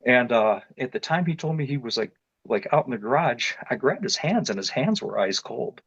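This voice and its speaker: There's vocal fry and a breathy edge to this man's medium-pitched voice, which moves at normal speed. Telling his experience as an interview guest, he rambles casually with many restarts and fillers, getting more animated and louder as the story grows, all in dull, lo-fi, dry sound.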